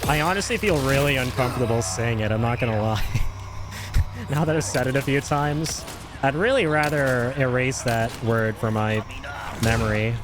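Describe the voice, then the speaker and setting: A man's voice: mid-range voice, moderate pace, music in the background. A man streaming a game, chatting casually with jokes and mock-serious asides, rambling and restarting his sentences. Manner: joking, ironic, rambling with restarts. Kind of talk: casual gameplay commentary.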